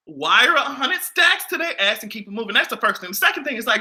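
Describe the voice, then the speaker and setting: A man giving casual pop culture commentary and reacting to a live chat, profane and loud, often bursting into laughter and shrieks. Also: very high-pitched, very animated, fast talker, few pauses.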